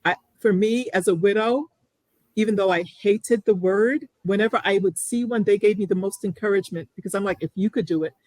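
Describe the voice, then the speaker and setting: A woman's voice: mid-range voice, fairly quick, a little mellow, dry recording, low-quality recording. A middle-aged woman, a guest on an interview show, speaking earnestly and reflectively, often restarting her sentences. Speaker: guest sharing her story. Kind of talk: candid interview.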